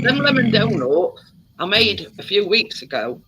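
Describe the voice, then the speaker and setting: A man's voice: high-pitched, sing-song, background noise. A man hosting a casual group chat, telling stories and laughing often. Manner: chatty storyteller, quick to laugh. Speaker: host of a live chat stream.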